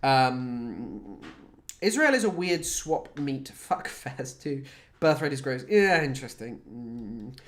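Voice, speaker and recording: A woman's voice: a bass voice, very animated, slow pace. A woman from the UK chatting casually on a livestream, rambling, swearing and often restarting her sentences. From United Kingdom. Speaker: streamer.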